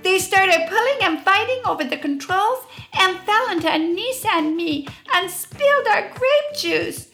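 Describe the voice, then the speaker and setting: A woman voicing an indignant young girl in a storybook reading, with a high childish voice that complains and tattles. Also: expressive, unhurried, hardly any pauses, pushed and bright, faint music behind, heavily acted.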